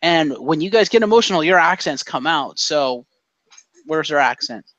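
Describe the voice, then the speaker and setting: A man's voice: on the high side, lively intonation, normal speed, a bit bright, no room sound, highs cut off. A man co-hosting a casual podcast, talking and joking about wrestling. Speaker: podcast co-host.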